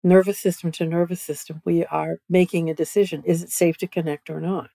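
Podcast guest over video call, woman, low and mellow, dry sound, keeps asking "right?". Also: little pitch movement, brisk, creaky, no room sound. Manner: repeats "right?" often, starts phrases over. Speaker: guest expert. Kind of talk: conversational explanation.

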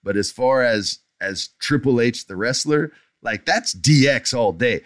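A man's voice: mid-range voice, expressive, unhurried, no room sound, studio quality. A middle-aged man hosting a podcast, answering listener questions in blunt, emphatic casual chat that drifts into jokes.

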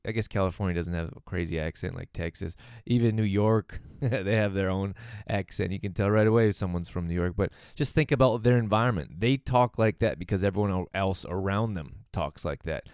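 A man with a lowish, smooth, resonant voice and a mixed North American accent talks through a solo wellness podcast. He rambles easily and chuckles between thoughts. The sound is dry and close. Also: a little mellow, dry recording. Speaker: podcast host and fitness coach. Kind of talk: casual solo podcast talk. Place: lives in Canada.

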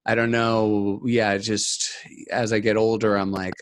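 Joking, low-voiced man in casual chat. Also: little pitch movement, a little slow, no echo. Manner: joking, crude, self-deprecating. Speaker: podcast co-host.

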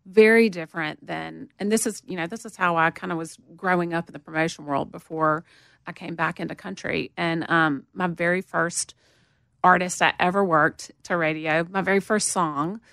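A woman in her forties with a Southern US accent, telling lively stories as an interview guest. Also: moderate pace, vocal fry, no echo, clean studio sound. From Montgomery, Alabama. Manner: animated storyteller, acts out quotes in a higher voice. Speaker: guest, music promotion veteran. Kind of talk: casual storytelling interview.

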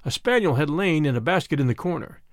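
A man reading a detective story aloud with expressive storytelling. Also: fairly high pitch, quick pace, no room sound, studio quality. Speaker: audiobook narrator. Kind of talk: scripted narration.

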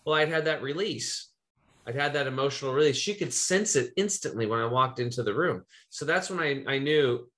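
Hosting a podcast, a man from Eastern Oregon shares a personal story in a relaxed, meandering way, with some swearing mixed in. His voice sits in the mid range and has a bit of brightness.

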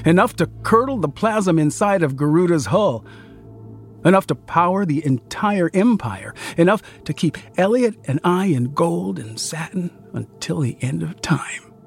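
A man reading a first-person science fiction story in a measured, hushed way. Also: fairly high pitch, gravelly, husky. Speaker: narrator.

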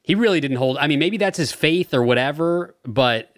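A man's voice: on the high side, lively intonation, normal speed, a bit bright, no room sound, clean studio sound. A man in casual chat, agreeing and talking with some swearing. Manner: agreeable, conversational, profane.

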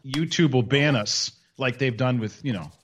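A man's voice: mid-range voice, moderate pace, husky. A man co-hosting a casual sports podcast, wry and joking, often slipping into mock voices. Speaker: podcast co-host.

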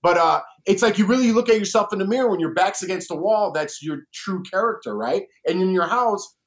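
Give me a man with a somewhat high voice chatting casually as a guest. He tells stories with energy and acts out what people said. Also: brisk. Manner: animated storyteller, acts out quotes. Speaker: reality show alum guest. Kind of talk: casual chat.

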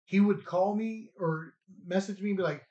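A man's voice: high-pitched, normal speed, warm tone. A man, a toy shop owner, chatting casually and rambling with laughs in an echoey store. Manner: laid-back, laughing, rambling with restarts. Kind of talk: casual interview chat. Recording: roomy echo, dull lo-fi sound.

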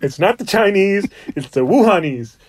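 A man's voice: sits high, expressive, moderate pace. A young adult man, a comedian hosting a podcast, bantering loosely, swearing freely and often restarting his sentences.

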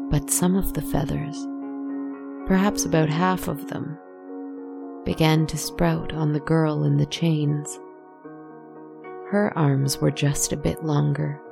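A woman narrating a fable in a hushed storytelling manner, turning aside now and then to address the listener. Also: low voice, vocal fry. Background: faint music.

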